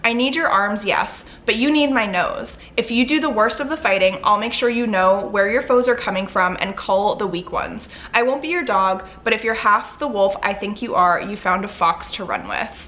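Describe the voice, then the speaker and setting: A woman's voice: mid-range voice, normal speed, hardly any pauses, pushed and bright, lightly acted. A woman reading aloud the lines of a witty, cocky young male rogue thief in her own plain voice, without putting on an accent. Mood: sly.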